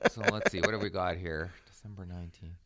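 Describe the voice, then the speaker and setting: Podcast co-host, man, lowish voice, dry sound, sarcastic mutterer. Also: a bit bright, no room sound. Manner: wry, sarcastic, muttering asides. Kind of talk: casual chat.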